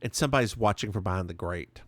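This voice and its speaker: A man's voice: low-pitched, fast, dry recording. A man co-hosting a podcast, casually recapping a TV episode with chatty, playful asides. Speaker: podcast co-host.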